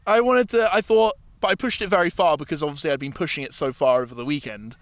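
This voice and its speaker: A man's voice: fairly high pitch, fast talker, no echo. A man hosting a casual podcast chat, telling a story with lots of swearing and acted-out voices. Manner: animated storyteller, swears freely, acts out voices. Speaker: podcast host.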